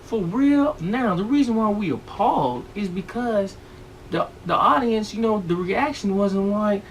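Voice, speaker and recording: A man with a high, gravelly voice that swings widely up and down, rambling through a comedic news rant full of slang. He sits back from the mic, and faint noise hangs behind him. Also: animated, measured pace, far from the mic. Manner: rambling, slangy, keeps asking "you know what I'm talking about". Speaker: vlog host.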